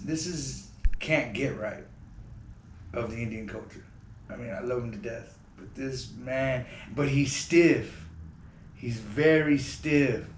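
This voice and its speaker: A man casually telling a story to camera in a relaxed, slangy way. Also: medium pitch, slight background noise. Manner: relaxed, slangy, talks to viewers directly. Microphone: camera mic. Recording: roomy echo.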